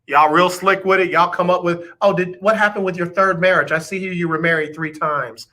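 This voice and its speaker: A male radio host chats with his listeners in a teasing, joking way. His voice sits a little high and rings bright and forceful. He talks straight to the audience like old friends. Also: fairly even intonation, brisk. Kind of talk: casual joking radio chat.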